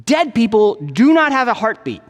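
A man's voice: very high voice, sing-song, normal speed, long reverb tail, pitched above the performer's own voice. A man doing a flustered, insistent doctor. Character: earnest puzzled male doctor.

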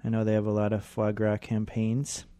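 A man's voice: fairly low pitch, completely flat delivery, normal speed, mellow, no echo. A man co-hosting a radio show, hesitant with many fillers and making dry quips. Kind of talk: casual radio banter.

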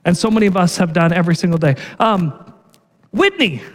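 A man's voice: high voice, lively intonation, fairly quick, big-room sound. A male pastor giving a sermon in a casual, conversational way, often checking in with "right?" and stumbling over repeated words.

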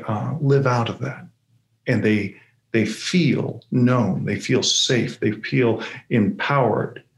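A man delivers a sermon-style story at an unhurried pace, stumbling and repeating words as he goes. His voice has a gravelly edge to it. The room around him sounds echoey. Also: mid-range voice. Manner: halting, repeats words, animated acted-out asides. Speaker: speaker.

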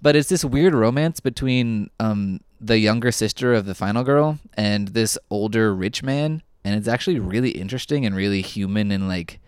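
Man, podcast co-host, casual rambling chat, enthusiastic, low-pitched, dry close mic. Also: moderate pace, hardly any pauses, clean tone, no room sound. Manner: enthusiastic, rambling, self-deprecating.

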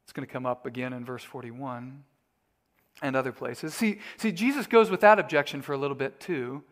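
A man's voice: medium pitch, fairly quick. A male pastor preaching a sermon in an earnest, emphatic, storytelling way.

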